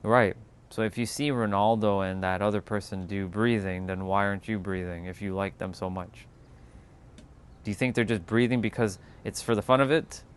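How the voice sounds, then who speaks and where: A man hosting a casual spiritual livestream, talking in a calm, unhurried way that turns loose and profane at times. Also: fairly low pitch, smooth. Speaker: livestream host.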